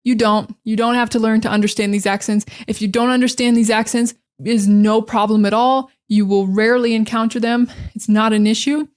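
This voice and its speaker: A woman's voice: on the high side, little pitch movement, a little mellow. Chatty American woman teaching accents. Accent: standard American. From Northeastern United States. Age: young adult. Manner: chatty, explains slowly with many fillers. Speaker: English teacher. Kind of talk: casual teaching monologue.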